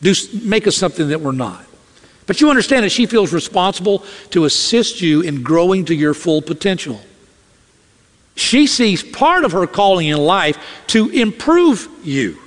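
A man preaches a sermon from a church pulpit with an animated delivery. He slips into the voices of the people he quotes. His voice sits high, and it rings out with a long hall reverb. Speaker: pastor. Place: church sanctuary. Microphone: podium or stage mic.

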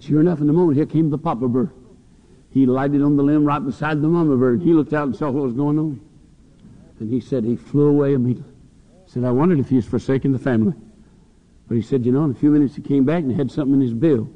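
A man preaching a sermon to students, telling folksy stories and acting out voices. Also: a little high. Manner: folksy storytelling, acts out voices. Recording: dull lo-fi recording with long hall reverb.

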